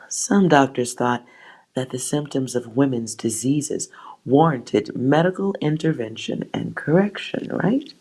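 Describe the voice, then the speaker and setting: A woman's voice: rumbling low, lively intonation, takes it slowly, darkish tone, slightly rough. A woman hosting a tarot channel, reading a history text aloud and breaking off with sighs and wry asides. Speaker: tarot reader host.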